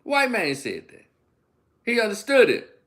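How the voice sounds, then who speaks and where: An online political commentator from Memphis, USA, hosts a livestream monologue in a high, fairly bright voice with huge pitch swings. At a measured pace, he preaches emphatically and fires off rhetorical questions.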